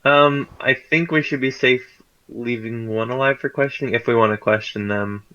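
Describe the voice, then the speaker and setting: A man playing in a casual tabletop game, relaxed and joking around. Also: mid-range voice, normal speed. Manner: relaxed, chuckling, loose joking. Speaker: player. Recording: dull lo-fi mic.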